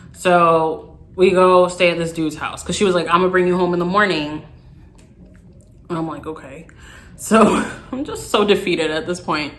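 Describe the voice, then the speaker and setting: A young woman vlogger, telling a storytime in an animated, exasperated way. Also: on the low side. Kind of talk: storytime vlog.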